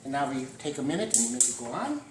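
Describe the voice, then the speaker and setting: A man hosting a mock home cooking demonstration, rambling through deadpan puns and dad jokes. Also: medium pitch, fast, background noise. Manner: deadpan punning, dad jokes, trailing asides. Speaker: host of a joke home cooking show. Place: home kitchen. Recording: echoey kitchen with clattering pots and cutlery.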